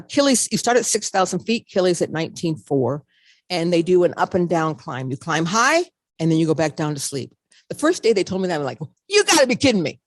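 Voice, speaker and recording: A woman's voice: lowish voice, no room sound. An older woman giving a motivational talk, telling her story and acting out her own reactions. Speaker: speaker.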